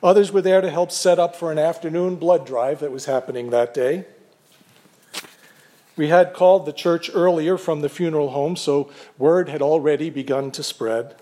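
An older man, a pastor, preaching a sermon in a measured, earnest way with gentle humor. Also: on the high side.

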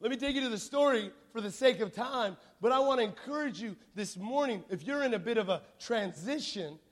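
A high-voiced man preaches to a congregation and tells stories with lots of playful energy. He keeps asking the crowd to repeat words and wave back. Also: fairly quick. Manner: animated, playful, call-and-response with the congregation. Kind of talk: sermon with storytelling.

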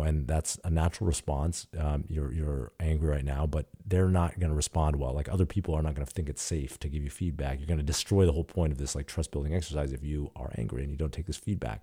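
A man's voice: very deep voice, dark tone. A man guest telling a candid story in an interview, animatedly acting out quoted dialogue and swearing casually. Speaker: startup CEO guest.

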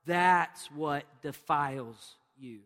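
Speaking at a slow pace, a male pastor with a high, bright voice mixes scripture with a lively story about his family as he preaches to a congregation. He laughs a lot and acts out sounds along the way, his words echoing through a large, reverberant hall.

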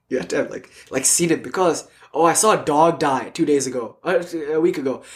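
A man speaks in a fairly high voice, teaching a spiritual lecture. He tells stories with energy and at times sinks to a hushed, soft delivery. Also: brisk. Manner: animated, storytelling, drops to soft near-whispers.

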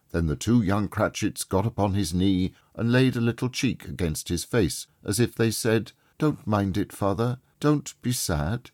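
A low-voiced man narrates an audiobook, telling the story in a measured, expressive way. The recording is clean studio sound with no room tone.

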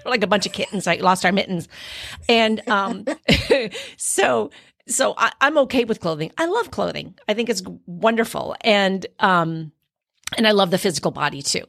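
A woman's voice: mid-range voice, moderate pace, creaky. A middle-aged woman from Canada, an actor, chatting casually on a podcast and acting out the things she says to herself as she tells a story. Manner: animated storyteller, acts out quoted inner dialogue.

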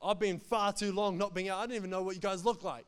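A man's voice: high voice, fairly even intonation, fast talker, smooth, close to an everyday voice. A man voicing a desperate blind beggar who pleads to be healed. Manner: urgent, pleading, joking.

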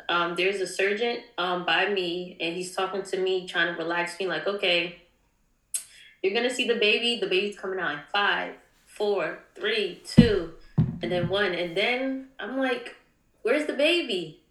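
A young woman giving an emotional personal testimony, halting with many ums and near tears at times. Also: fairly low pitch, fairly bright tone, roomy sound, poor audio. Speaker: guest.

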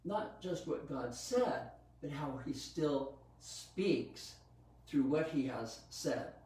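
A man's voice: fairly high pitch, animated, slow, a little mellow. A man preaching a sermon, teaching earnestly about Scripture with some fillers and restarts. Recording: very echoey room, from a distance.

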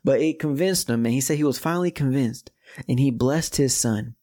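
A man teaching scripture on a podcast in a casual, emphatic preaching voice. He talks things through with listeners, then pushes his points with rising exclamations. His pitch sits in a middle range for a man. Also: a little fast, mellow. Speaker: podcast host teaching Bible study. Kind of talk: scripture reading with preaching commentary.

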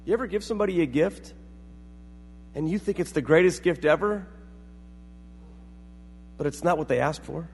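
High-voiced man preaching in a reverberant hall. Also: normal speed, long pauses, a little hiss or hum. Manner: storytelling with acted-out quotes. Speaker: pastor. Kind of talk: sermon.

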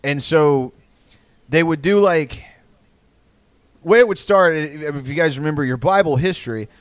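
A man's voice: on the high side, moderate pace, smooth, no room sound. Texas guy hosting a podcast, rambling, swearing a lot, dry close sound. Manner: rambling, profane, with frequent restarts. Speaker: podcast host. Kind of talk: casual comedic storytelling.

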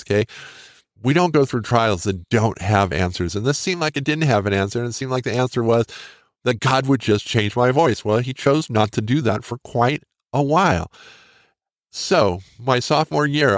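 A man's voice: mid-range voice, dry recording, clean studio sound. A middle-aged man hosting a podcast, telling a personal story frankly and with self-mocking jokes. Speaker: podcast host. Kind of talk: casual storytelling.

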